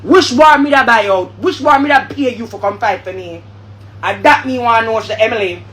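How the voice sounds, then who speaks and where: A woman's voice: fairly high pitch, lively intonation, normal speed, a bit bright. A woman with a Jamaican accent in a heated, angry rant, repeating and swearing. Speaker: vlogger.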